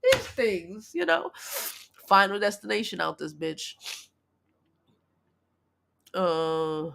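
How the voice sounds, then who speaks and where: A woman in her thirties, from Brooklyn, hosting a casual livestream chat in a blunt, profane, animated way. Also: medium pitch, slow, a little hiss or hum. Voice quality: gravelly, husky. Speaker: livestream host.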